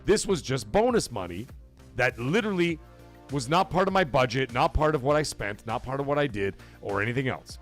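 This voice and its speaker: A man's voice: mid-range voice, expressive, brisk, faint music behind. A man hosting a casual live gaming stream, blunt and profane, talking straight to his chat. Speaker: livestream show host.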